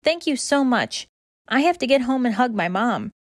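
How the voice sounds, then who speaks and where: A woman voicing an excitable young female puppy in a storybook, squealing and eager. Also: fairly high pitch, normal speed, no room sound, studio quality, natural voice. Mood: overjoyed.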